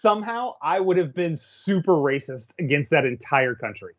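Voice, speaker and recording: A man's voice: a little high, expressive, normal speed, a little hiss or hum. A man co-hosting a movie review podcast with wry, sarcastic jokes in casual chat. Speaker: podcast co-host. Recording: dull, lo-fi sound.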